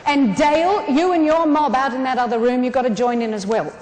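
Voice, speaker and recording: An Australian woman giving a humorous, animated keynote speech on a conference stage, talking straight to the audience. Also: high-pitched, a little fast. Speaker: keynote speaker. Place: large conference hall. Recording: echoey conference hall, some room noise.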